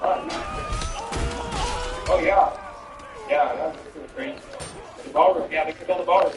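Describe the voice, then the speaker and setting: In an echoey room with music behind him, a comedian talks to his stream viewers while gaming, and the mic sits far away. His fairly high voice moves at a moderate pace through foul-mouthed, wandering, disbelieving banter.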